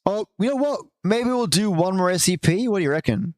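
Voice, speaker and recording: A man hosting a livestream in a loose, affectionate chat style, teasing viewers and reading entries aloud. His voice sits a touch high for a man, and the sound is dry and close to the mic. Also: lively intonation, a little fast, no echo. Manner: chatty, affectionate to viewers, swears casually. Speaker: livestream host. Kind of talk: casual live-stream chat and reading.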